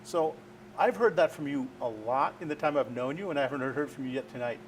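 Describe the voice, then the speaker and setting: A man's voice: medium pitch, fast talker, a little hiss or hum. A man interviewing a guest, asking probing questions and affirming what he hears. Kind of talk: conversational interview.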